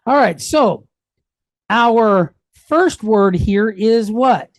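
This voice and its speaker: A woman's voice: mid-range voice, animated, a little slow, long pauses, darkish tone, dry recording. A woman teaching a Hebrew lesson, going patiently step by step and asking questions that she then answers herself. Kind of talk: classroom lesson.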